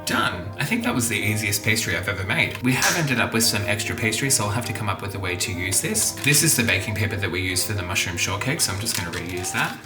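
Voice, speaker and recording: A man's voice: lowish voice, lively intonation, quick pace, hardly any pauses. A man hosting a cooking vlog, chatting casually and joking at himself as he cooks. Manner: chatty and self-deprecating, talks while cooking. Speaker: cooking channel host. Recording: echoey kitchen with background music.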